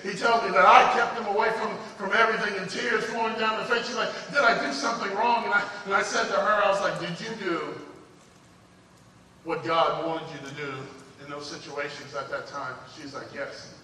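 Preacher, male, bright sharp voice, off-mic in a big reverberant church, loud and quiet by turns. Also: high voice, fairly even intonation, brisk. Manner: swings from loud emphatic preaching to hushed quoted dialogue. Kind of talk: sermon storytelling. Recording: echoey hall from far off, faint ambience.

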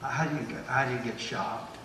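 A man, a pastor preaching a sermon to his church group, exhorting and repeating phrases as he builds to loud, emphatic bursts. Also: medium pitch, a little fast, noisy background. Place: church hall. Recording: echoey hall, distant mic.

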